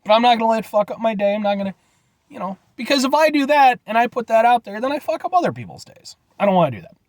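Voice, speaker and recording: A man's voice: very high-pitched, very animated, quick pace, no room sound. A man giving a rambling, jokey casual vlog review, often addressing viewers as folks. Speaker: food reviewer.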